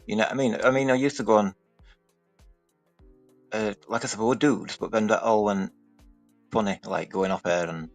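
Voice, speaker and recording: Gravelly low-voiced man. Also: steady tone, dry recording, soft background music. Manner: halting, filler-heavy, says "you know what I mean". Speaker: guest creator on a stream panel. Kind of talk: casual chat.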